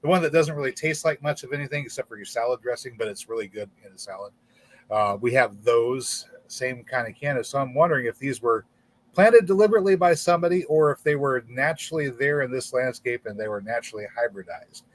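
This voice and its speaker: A man's voice: mid-range voice, fast, dry recording. A man hosting a casual livestream in front of a green screen, rambling and stumbling over repeated words. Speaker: channel host.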